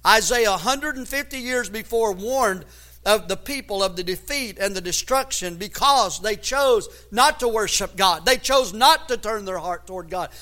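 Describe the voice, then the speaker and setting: A man preaching a sermon as pastor, building to loud emphatic runs and often repeating words as he searches for the next phrase. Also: high-pitched, expressive, normal speed.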